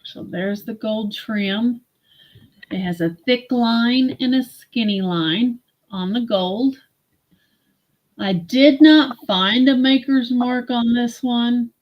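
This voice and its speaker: A woman hosting a live-stream vintage sale, slowly admiring and describing glassware. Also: fairly high pitch, dull audio. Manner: slow, admiring product descriptions.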